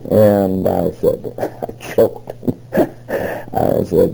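Gravelly low-voiced older man. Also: steady tone, extremely slow, long pauses, warm tone, low-quality recording. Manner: rambling, retells conversations with many fillers. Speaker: interviewee recalling past work. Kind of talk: oral history storytelling.

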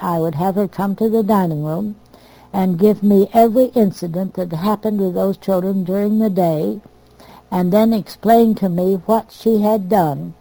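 An older American woman telling family stories from her past in a plain, unhurried way. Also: lowish voice, vocal fry, mellow, rough recording. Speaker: storyteller. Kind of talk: oral history reminiscence.

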